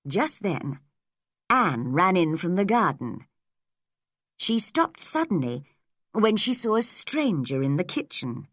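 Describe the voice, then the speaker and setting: A woman reads a story aloud at a slow, unhurried pace, gentle and measured. Her pitch moves in a lively way, and the recording is close and dry with no room echo. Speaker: audiobook narrator. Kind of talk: scripted audiobook narration.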